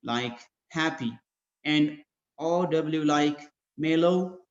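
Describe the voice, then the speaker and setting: A male English teacher with an Ethiopian accent giving an online grammar lesson, explaining rules slowly and spelling out letters one by one. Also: fairly high pitch. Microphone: video call. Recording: dull echoey video-call audio.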